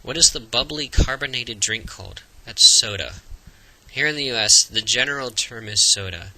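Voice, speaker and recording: A man's voice: mid-range voice, bright, forceful tone, dry recording, low-quality recording. A young man with a Floridian American accent, chatting casually and reading a word list in an accent tag video. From Florida, USA. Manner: chatty, upbeat, lists words slowly. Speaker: vlogger.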